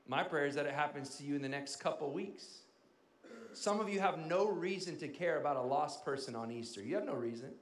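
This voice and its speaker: A man's voice: on the high side, brisk. Dynamic preaching man in an echoey hall. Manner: dynamic preaching, swinging from loud emphasis to quiet near-whispers. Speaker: pastor. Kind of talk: sermon.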